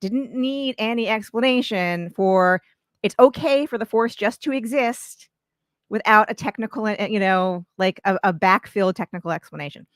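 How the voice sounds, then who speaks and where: A woman in her forties co-hosts a relaxed live stream, reminiscing in a chatty, reflective way, loose with fillers like "you know". Her voice sits at an ordinary pitch, recorded close and dry. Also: moderate pace, no room sound. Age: 40s. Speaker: co-host. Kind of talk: casual live-stream chat.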